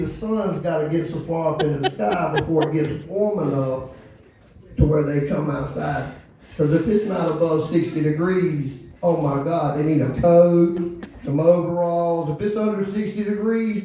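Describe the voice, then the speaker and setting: A man in his fifties tells loose, profane stand-up stories and laughs along with them. His voice is high for a man, with a dark, mellow tone. He is heard from far off the mic in a very echoey club. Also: lo-fi sound. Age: 50s. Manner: loose, storytelling, profane, laughing at own jokes. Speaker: open-mic comedian. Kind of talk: stand-up comedy. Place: comedy club stage.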